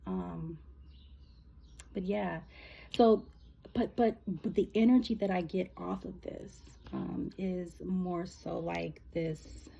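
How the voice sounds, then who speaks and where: A woman talks through a channeled spiritual reading in a loose, rambling way, stopping and restarting as she gets emotional. Her voice is husky and mellow and sits a little low. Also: fairly even intonation. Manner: rambling, emotional, halting with fillers. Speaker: spiritual reader.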